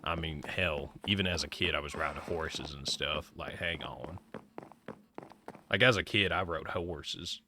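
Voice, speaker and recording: A man's voice: extremely low pitch, unhurried, background noise. A young man from Nebraska streaming a game, rambling casually and answering chat as he plays. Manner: rambling, chatty, reads chat aloud. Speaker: livestreamer. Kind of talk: casual chat while gaming.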